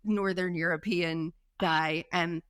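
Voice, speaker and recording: A woman's voice: fairly low pitch, fairly even intonation, slow, fairly bright tone, clear, resonant tone, no echo, studio quality. A woman co-hosting a podcast in casual chat, giggling often and telling stories with animation. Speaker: podcast co-host.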